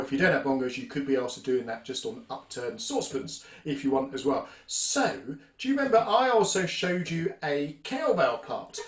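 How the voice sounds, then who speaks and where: A man hosting a percussion workshop, upbeat and explaining the instruments step by step. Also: on the high side. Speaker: workshop host. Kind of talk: music workshop teaching. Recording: roomy echo.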